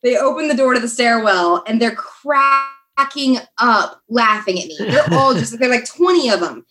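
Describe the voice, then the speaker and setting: Chatty woman telling a story, slightly high. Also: normal speed. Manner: animated, chatty, many fillers. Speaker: guest. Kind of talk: casual storytelling.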